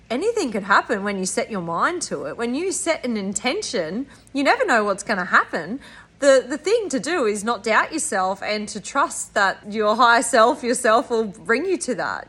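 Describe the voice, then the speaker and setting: A woman's voice: mid-range voice, pushed and bright. A woman, a spiritual coach chatting enthusiastically through a story for her vlog.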